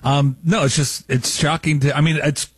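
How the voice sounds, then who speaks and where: A man's voice: fairly high pitch, fairly even intonation, moderate pace, husky, no echo. A man co-hosting a chat show, making wry, joking asides. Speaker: talk show co-host. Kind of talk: casual chat.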